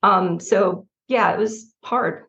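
A middle-aged woman from New Jersey, a writer talking candidly in an interview, animated and laughing often as she restarts her sentences. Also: mid-range voice, slow, gravelly. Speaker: writer guest.

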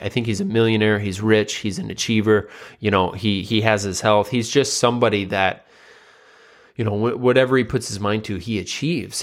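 A young adult man hosting a solo podcast, casually retelling a story with lots of uh and you know fillers. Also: on the low side. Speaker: podcast host.

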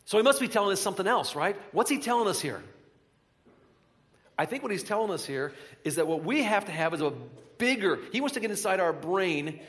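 A man's voice: sits high, animated, a little fast, fairly bright tone, in a large hall. A man preaching to a congregation, talking conversationally and building to emphatic bursts with repeated phrases. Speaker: pastor. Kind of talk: sermon. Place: large hall with a live congregation.

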